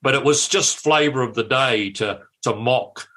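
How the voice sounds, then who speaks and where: An older man tells stories from his political career as a guest on a radio show. His voice is bright and forceful, and he is lively and quick to restart his sentences. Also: mid-range voice. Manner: lively storyteller, repeats words at starts. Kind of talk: anecdotal interview chat.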